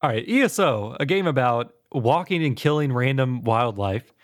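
A man hosting a podcast in casual gaming chat, relaxed and laughing while he tells stories. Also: medium pitch, normal speed. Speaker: podcast host.

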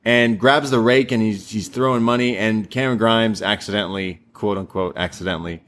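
A young man co-hosting a casual podcast, recapping a show and putting on squeaky voices when he quotes people. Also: brisk. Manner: animated, puts on squeaky voices when quoting wrestlers. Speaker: podcast co-host.

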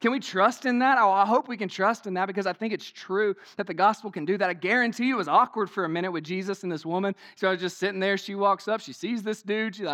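A man's voice: high voice, fast talker, few pauses, fairly bright tone. A man preaching a sermon in a conversational way, with many rhetorical questions, frequent "right?" tags and "y'all". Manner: says "y'all".

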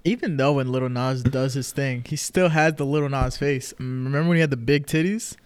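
A young man co-hosts a podcast in loose, teasing conversation, full of filler words. His voice is medium in pitch and conversational. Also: fairly quick, clean tone, dry recording. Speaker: podcast co-host. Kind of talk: casual chat.

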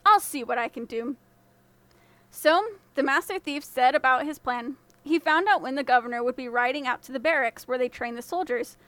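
A woman podcast storyteller reading a fairy tale in a measured, expressive way. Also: high voice, smooth, no room sound. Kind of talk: scripted fairy tale narration.

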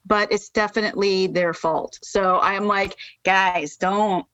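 A middle-aged American woman speaking as a podcast guest, lively and emphatic in her storytelling. Her voice jumps up sharply when she gets passionate. The sound is dry and a little muffled, like a remote call. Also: normal speed, dry recording. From United States. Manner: lively, rises sharply in pitch when fired up. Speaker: podcast guest, charity founder. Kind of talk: casual interview storytelling.

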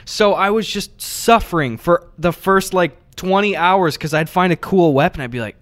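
A young man co-hosting a podcast in casual chat, relaxed with short reactions and easy banter. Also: high-pitched, normal speed, dry recording. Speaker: podcast co-host.

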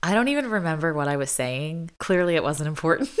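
A woman's voice: deep voice, very animated, fast talker, clear, resonant tone. A young adult woman vlogging in a casual, chatty way, filling her talk with "like" and laughing often. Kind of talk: casual chat.

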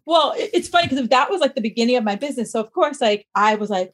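A woman guest on a podcast, telling her own story with lively, self-mocking humor. Her voice sits a little high. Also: fast talker. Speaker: podcast guest, fitness business owner. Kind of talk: casual interview storytelling.

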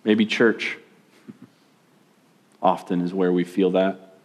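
A young adult man preaching a sermon as pastor, animated and swinging between loud emphasis and hushed asides. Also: low voice, drawn-out words.

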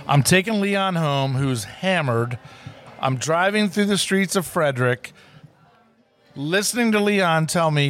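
A man telling a story in casual chat, animated and acting out the people in it, recorded in a steakhouse booth. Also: on the high side, measured pace.

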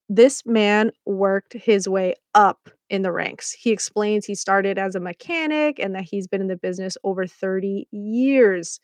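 A woman's voice: medium pitch, a little slow, hardly any pauses, no echo. A woman hosting a podcast, recapping a series episode in a chatty, playful way with sarcastic asides. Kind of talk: casual scripted commentary.

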